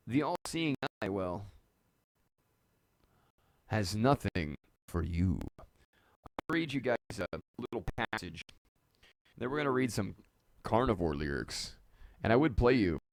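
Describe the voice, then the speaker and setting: A man's voice: lowish voice, dry recording, clean studio sound. A man hosting a casual live-stream monologue, rambling and jokey and poking fun at himself. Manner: rambling, jokey, self-mocking. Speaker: host. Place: dark home studio.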